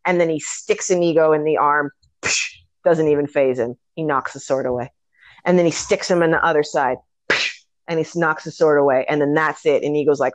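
A woman with a low-pitched voice talks fairly quickly in a dry-sounding recording, casually discussing a favorite movie. She's animated, acting out and retelling scenes with energy and swearing freely and often.

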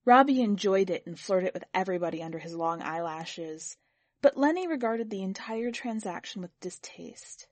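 A woman editor reading a short story aloud in even, measured narration. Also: mid-range voice, no echo. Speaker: podcast editor and story reader. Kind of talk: scripted narration.

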